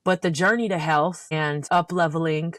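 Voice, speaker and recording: A woman guest in a podcast interview, talking in an animated, slangy and enthusiastic way. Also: deep voice, normal speed, dry recording, studio quality. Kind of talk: casual conversational interview.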